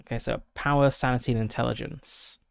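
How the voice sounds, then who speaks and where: A man plays a solo tabletop game on stream, reading the book's passages aloud and talking himself through the dice rolls with plenty of ums. His voice sits at an ordinary middle pitch, and the sound is dry and close, with no room echo. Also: steady tone, fairly quick, creaky, clean tone. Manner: reads gamebook text, mutters over dice rolls with fillers.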